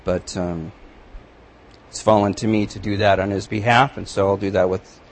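A male pastor preaching a sermon, reading scripture aloud with rising emphasis and then commenting in a quieter, conversational tone. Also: on the low side, level tone, normal speed, slight background noise, poor audio.

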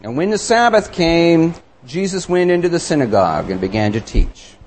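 A man's voice: a little high, very animated, moderate pace, darkish tone, slight background noise. Earnest male pastor preaching. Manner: earnest, reflective, with emphatic questions. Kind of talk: sermon.

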